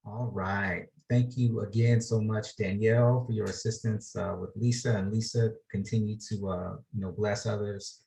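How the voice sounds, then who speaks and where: Gravelly-voiced man announcing awards. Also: lowish voice, fairly even intonation, warm tone, low-quality recording. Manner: measured, hesitant fillers. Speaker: awards ceremony presenter. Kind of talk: online awards ceremony presenting. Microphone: video call.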